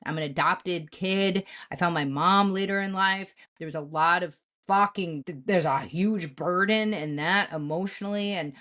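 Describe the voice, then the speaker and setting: Podcast co-host, woman, lowish voice, profane and animated storyteller. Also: moderate pace, hardly any pauses. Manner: blunt, profane, animated retelling. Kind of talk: candid storytelling chat.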